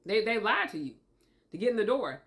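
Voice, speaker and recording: A woman's voice: medium pitch, very animated, brisk, a bit bright. A woman giving relationship advice straight to camera, repeating her points emphatically and checking in with "okay?". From Tennessee. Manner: emphatic and repetitive, asks okay often. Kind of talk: motivational monologue to camera.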